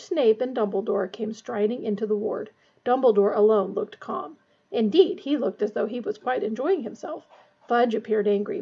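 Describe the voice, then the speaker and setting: A woman's voice: fairly high pitch, gravelly, mellow, breathy edge. A woman reading a novel aloud expressively, with a dull lo-fi recording. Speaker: audiobook reader.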